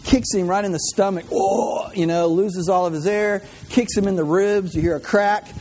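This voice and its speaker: A man's voice: sits high, steady tone, moderate pace, darkish tone. A man preaching a humorous sermon in a church, chatty, repeating words and tossing in jokey asides.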